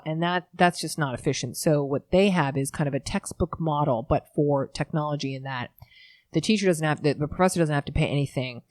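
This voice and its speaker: Low-voiced woman telling quick, lively stories. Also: no echo. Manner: lively storyteller, quick and self-mocking. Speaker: guest, startup founder. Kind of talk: casual interview chat.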